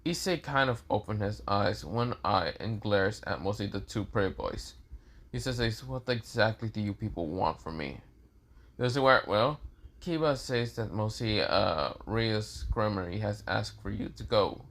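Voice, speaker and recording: A man's voice: on the low side, expressive, unhurried, a bit bright. A man narrating a fan story off the cuff, rambling with lots of fillers and self-corrections.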